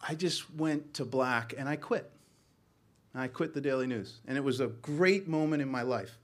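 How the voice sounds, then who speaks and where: Middle-aged man from Boston, journalist on a panel, earnest, halting, lots of ums, mid-pitched voice. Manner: earnest, halting storytelling with many ums and restarts. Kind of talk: personal story told to a panel.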